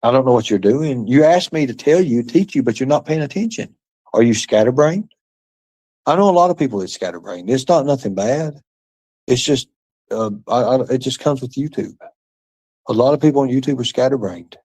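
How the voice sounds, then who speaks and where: Male livestream host, mid-pitched voice, rambling and mocking, profane, muttered asides to chat. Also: animated, a little fast, dark tone. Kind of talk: rambling live-stream chat reading comments.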